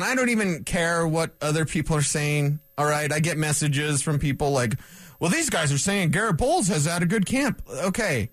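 High-voiced ranting sports radio host man. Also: no room sound, studio quality. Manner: ranting, blunt and emotional. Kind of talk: opinionated sports talk.

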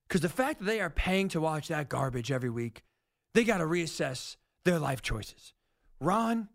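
A man hosting sports talk radio, ranting in an animated, sarcastic monologue about football decisions. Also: a little high, creaky.

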